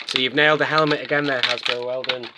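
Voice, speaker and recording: A man's voice: medium pitch, steady tone, fast, very noisy. A British man in his late thirties, chatting enthusiastically and rambling as he unboxes and reviews toys in a casual vlog. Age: late 30s. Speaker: toy collector vlogger.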